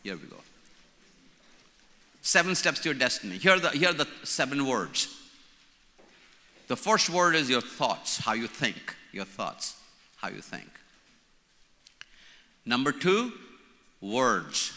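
An Indian-accented man in his sixties addresses a church leadership conference, playful and fond of repeating his key words. His voice is very bright and cutting, at a middle pitch. It rings through a large hall with a long echo. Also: big pitch swings, takes it slowly, long pauses. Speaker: conference speaker. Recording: reverberant hall.

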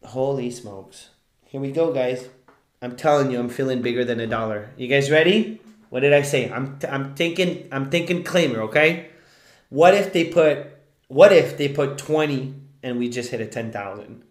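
Excitable man streaming in an echoey room. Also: mid-range voice, normal speed. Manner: excitable, yells at big wins. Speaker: scratch-off lottery streamer. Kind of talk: live-stream commentary.

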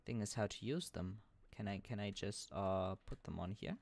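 A man's voice: fairly low pitch, normal speed, creaky, a little mellow. A man streaming a video game, casually muttering and chanting little sing-song lines about what he is doing. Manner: sing-song, hums and chants his actions; playful, muttering to himself.

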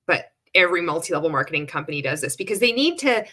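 A woman's voice: low-pitched, big pitch swings, quick pace, pushed and bright. Blunt, sarcastic woman. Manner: sarcastic, blunt, swears often, laughs between remarks. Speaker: commentator reacting to a sales pitch. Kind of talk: casual commentary.

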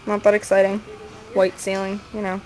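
A woman's voice: medium pitch, monotone, moderate pace, a crowd in the background, low-quality recording. A teenage girl holding the camera, chatting playfully and rambling through stories with her friends. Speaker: camera holder and host. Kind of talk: casual home video chat with friends. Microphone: handheld video camera. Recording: music clearly audible behind.

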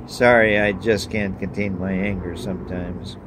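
A man voicing God as an ancient, weary male deity who speaks gruffly and loses his temper. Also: deep voice, steady tone, moderate pace, background noise, close to an everyday voice. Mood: stern. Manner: gruff and irritable.

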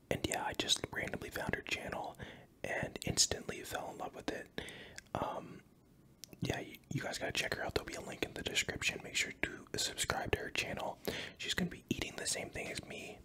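A man with a Canadian accent whispering a casual, jokey ASMR mukbang intro into a close microphone, rambling with ums. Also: sharp tone.

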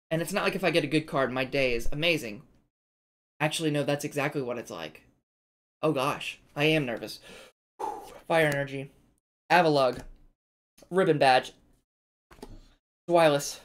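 A woman hosting a card-opening video, chatting to viewers in a chatty, self-deprecating way. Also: low voice. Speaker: card-opening channel host. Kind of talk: casual chat while opening card packs.

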